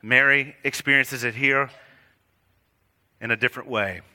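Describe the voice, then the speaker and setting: A man preaching a sermon to his congregation, earnest and direct, building to emphatic peaks and dropping to quiet lines. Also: mid-range voice, fairly even intonation, measured pace. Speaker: pastor.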